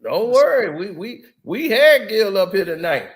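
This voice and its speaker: High-voiced man, animated and laughing. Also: unhurried. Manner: animated, laughs often, slangy storytelling. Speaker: guest, former basketball player. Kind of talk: casual podcast chat.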